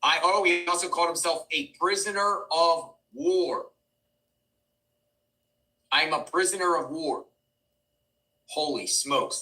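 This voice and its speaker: A man hosting a live news stream, reading courtroom updates aloud, halting and stumbling over words with excitable asides. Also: a little high. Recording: distant mic with faint background noise.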